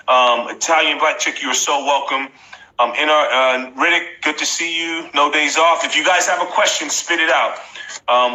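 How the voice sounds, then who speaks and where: A man in his forties speaks as a motivational host on a live stream, his voice ringing bright and a little high for a man. He leans on repetition and coaches his viewers directly. The sound is echoey, as if he were in a bare room.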